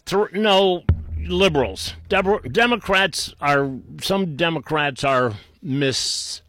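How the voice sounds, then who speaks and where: A man's voice: a little high, slow, a bit bright, no room sound. Scornful man ranting into a dry mic. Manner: scornful, insulting, rambling with restarts. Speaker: political commentator. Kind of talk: unscripted political rant.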